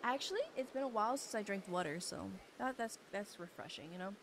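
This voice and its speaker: A woman's voice: mid-range voice, lively intonation, a little fast, noisy background. A young woman streaming a game live, chatting playfully with her chat and bursting into squeals.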